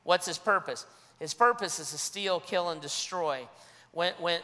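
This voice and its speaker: A man's voice: high-pitched, measured pace, pushed and bright, in a large hall. A man preaching a sermon as a pastor, earnest, often restarting and repeating his phrases.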